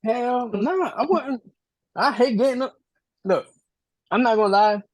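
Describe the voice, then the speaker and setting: A man's voice: very high-pitched, unhurried, darkish tone, no echo. A man co-hosting a casual sports podcast in a laid-back, joking way. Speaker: podcast co-host.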